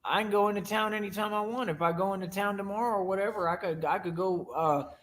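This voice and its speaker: Man, boastful, taunting, slightly high voice. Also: steady tone, fast, fairly bright tone. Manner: boastful, taunting, repeats "right?". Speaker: streamer in a reacted clip. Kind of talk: boastful rant to viewers.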